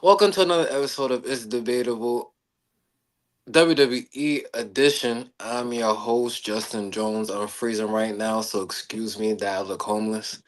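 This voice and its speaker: A man's voice: lowish voice, normal speed. Laid-back male podcast host. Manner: relaxed, loose, uses many fillers. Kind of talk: casual podcast chat.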